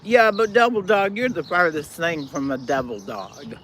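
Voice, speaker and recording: A woman's voice: lowish voice, sing-song, moderate pace, fairly bright tone, a little hiss or hum. An older woman hosting a live stream, chatting casually with viewers in a blunt, folksy way while she eats.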